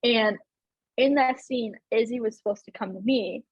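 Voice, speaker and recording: A woman's voice: on the high side, moderate pace, husky, no echo, dull audio. A young woman hosting a podcast in casual chat, talking chattily with many fillers and laughs. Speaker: podcast host.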